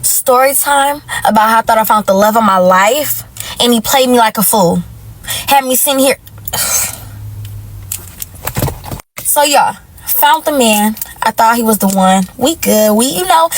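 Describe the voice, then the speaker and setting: A woman telling a dating story to her viewers, animated and exclaiming, calling them y'all. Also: on the high side, unhurried, slight background noise, low-quality recording. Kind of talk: casual story time.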